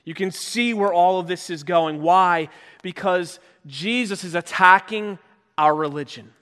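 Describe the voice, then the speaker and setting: A man preaching a sermon as pastor, talking conversationally and acting out quoted voices with sudden loud shouts. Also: high-pitched, measured pace. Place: church sanctuary. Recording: long reverb of a church hall.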